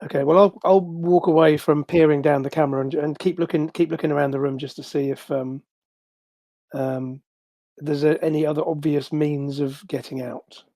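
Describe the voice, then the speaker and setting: Player, mid pitch, questioning, restarting, dry close sound. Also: steady tone, moderate pace, mellow, dry recording. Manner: restarting, questioning, defiant in character. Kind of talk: playing a tabletop game over voice chat.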